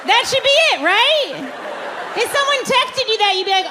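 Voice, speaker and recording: High-voiced woman doing stand-up in a club. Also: normal speed. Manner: animated, storytelling with quoted voices. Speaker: stand-up comedian. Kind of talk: stand-up comedy set. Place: comedy club stage with audience. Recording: live club recording with crowd noise. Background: audience laughter.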